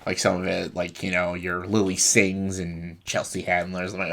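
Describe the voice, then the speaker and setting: A man's voice: low-pitched, completely flat delivery, normal speed, gravelly, fairly bright tone. A man hosting a casual video reacting to stand-up comedy, loose and filler-heavy. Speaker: YouTube reaction host.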